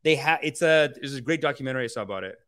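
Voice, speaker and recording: A man hosting a podcast, chatting casually and reacting to a film trailer in an animated, profane, rambling way. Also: mid-range voice, racing. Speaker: podcast host.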